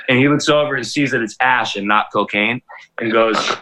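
A man in his forties tells a rambling, profane story on a casual cannabis chat show. His voice is bright and forward, and it jumps up in pitch when he acts out the other people in the story. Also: fast, low-quality recording. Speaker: DJ and podcast host.

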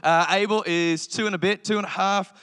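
A man in his thirties preaches with bright, forceful energy, his voice sitting a little high. He jokes through family stories and acts out quick impressions. The sound rings with the long reverb of a large church hall. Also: clean tone. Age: 30s. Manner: energetic, joking storytelling with animated impressions. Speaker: pastor. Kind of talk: sermon.

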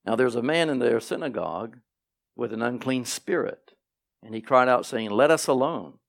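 A man preaching a sermon to his congregation, animated and repeating key phrases, with playful asides. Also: mid-range voice, moderate pace, vocal fry. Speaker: pastor. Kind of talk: sermon teaching. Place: church sanctuary.

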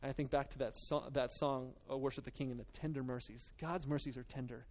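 A man's voice: mid-range voice, fairly even intonation, darkish tone. Earnest man preaching a casual sermon. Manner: earnest, conversational, halting with restarts and fillers. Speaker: pastor.

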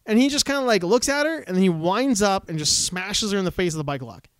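Fast-talking high-voiced man telling stories. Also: expressive, a bit bright, no room sound, clean studio sound. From Canada. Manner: rambling storyteller, swears freely, acts out quotes. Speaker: podcast co-host. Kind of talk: casual chat.

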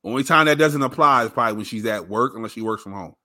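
A man's voice: mid-range voice, fast talker, pushed and bright. A man co-hosting a podcast in casual chat, laid-back and teasing, happy to play devil's advocate. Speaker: podcast co-host.

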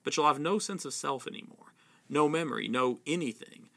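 A man reading the lines of a calm, grave adult male wizard teacher from a storybook, in a quiet, measured way. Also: a little high, creaky.

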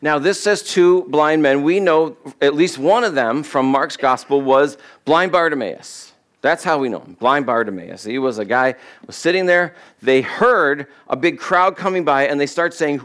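A male pastor giving a sermon in a loose, conversational way, often acting out quoted voices with sudden jumps up in pitch. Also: lively intonation, moderate pace, fairly bright tone.

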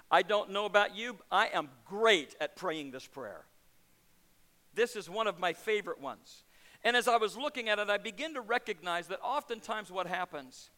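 A man preaching a sermon as a pastor, swinging between quiet, intimate low passages and loud, emphatic peaks. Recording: long reverb of a large hall.

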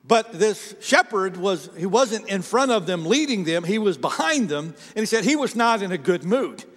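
High-voiced pastor preaching in a reverberant hall. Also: male voice, sing-song, moderate pace, a bit bright. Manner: conversational storytelling with many restarts. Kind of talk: sermon.

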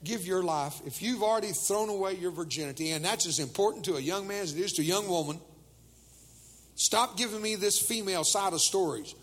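A man's voice: sits high, a little fast, long reverb tail. An older man preaching a humorous sermon to teenagers, telling jokes and acting out the voices of people in his stories.

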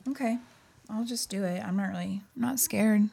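A woman's voice: medium pitch, normal speed, creaky, mellow, husky. A young woman co-hosting a podcast, chatting casually and laughing at herself. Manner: chatty, self-deprecating, laughs often. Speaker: podcast co-host. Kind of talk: casual chat.

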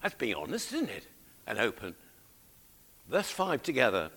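A man's voice: medium pitch, wildly swooping pitch, moderate pace, long pauses, fairly bright tone, breathy edge. A man preaching a sermon, coaxing his congregation to read along with him. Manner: exhorting, coaxing the congregation to join in.

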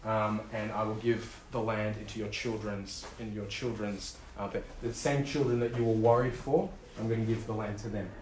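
Male preacher, loose and animated, lots of fillers and restarts, roomy sound with faint background noise. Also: on the low side, moderate pace, few pauses. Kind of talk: casual sermon.

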